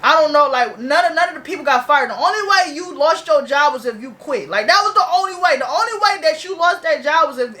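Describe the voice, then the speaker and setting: High, bright-voiced young woman ranting casually. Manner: loose, profane slang-heavy storytelling. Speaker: reaction video host. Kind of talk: casual reaction vlog.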